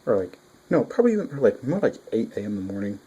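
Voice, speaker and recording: A man giving a casual spoken manga review, rambling and excitable, with frequent restarts and swearing. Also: fairly low pitch, quick pace, breathy edge, lo-fi sound.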